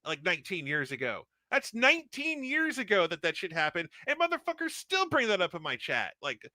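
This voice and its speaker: A man co-hosting a casual postgame livestream, talking fast and loose with lots of swearing and laughter. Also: sits high, no echo. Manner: animated, swearing, laughing, mimicking people. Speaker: livestream co-host.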